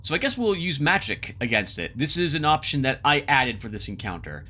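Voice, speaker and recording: Man musing over a solo board game, lively pitch. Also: fairly quick. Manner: thinks aloud, reads card text aloud, mutters asides. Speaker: board game player narrating a solo playthrough. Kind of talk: casual let's-play commentary. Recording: background music under the voice.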